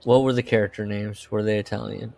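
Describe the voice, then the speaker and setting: A man's voice: lowish voice, level tone, a little fast, gravelly, darkish tone, no echo. A man co-hosting a casual podcast, chatting loosely, swearing now and then, and reading passages of a story aloud. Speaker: podcast co-host.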